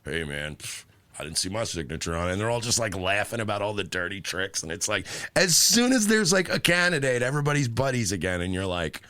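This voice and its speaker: A man's voice: fairly low pitch, brisk, no echo. A man co-hosting a podcast, telling stories in profane, casual political banter. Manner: animated storytelling, profane. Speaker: podcast co-host.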